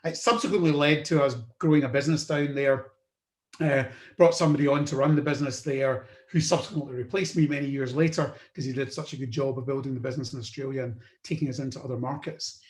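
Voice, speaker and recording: A man's voice: mid-range voice, steady tone, fast. A man from the UK hosting a podcast, telling the story of his own career in a loose, conversational way with fillers and restarts. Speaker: podcast host. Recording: roomy echo.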